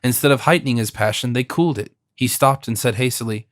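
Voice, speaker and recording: A man narrating a classic novel as an audiobook, in a measured, expressive reading. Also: mid-range voice, no echo, studio quality.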